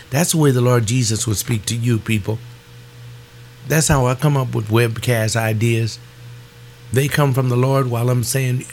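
A man preaching a fervent webcast sermon, pleading with his listeners and rising in pitch on his emotional appeals. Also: a little mellow, slight background noise.

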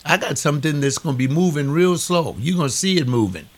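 A man voicing God as a stern, warning male voice, raised high and mocking in his delivery. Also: lively intonation, quick pace. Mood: taunting.

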